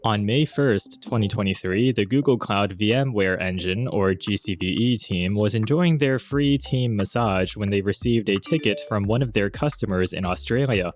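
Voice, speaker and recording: A man reading scripted explainer narration in an even, informative way. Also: on the low side, moderate pace, hardly any pauses. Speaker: narrator of a reviewed video.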